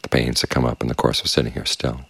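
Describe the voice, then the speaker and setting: Very deep gravelly calm meditation teacher. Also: male voice, no room sound. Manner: calm, measured, unhurried. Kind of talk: dharma talk. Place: quiet meditation space with crickets outside.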